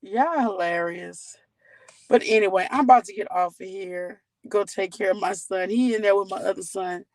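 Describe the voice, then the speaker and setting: A woman's voice: medium pitch, steady tone, a little fast, hardly any pauses, darkish tone, no echo, rough recording. A woman hosting a casual livestream, talking candidly and chatting straight to her viewers. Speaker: livestream host.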